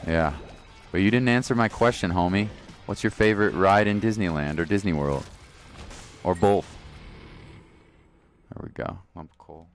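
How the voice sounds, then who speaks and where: A man's voice: low voice, moderate pace, pauses often, faint music behind. A man streaming a video game, chatting casually and laid-back with his viewers. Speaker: gaming streamer. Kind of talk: casual live-stream chat.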